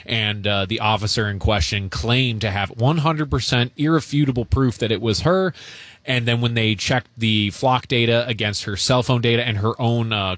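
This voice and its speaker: Low-voiced man explaining on radio. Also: a bit bright, no echo. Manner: measured, explanatory, hesitant fillers. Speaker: radio co-host. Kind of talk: casual radio chat. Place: radio studio. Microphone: studio mic.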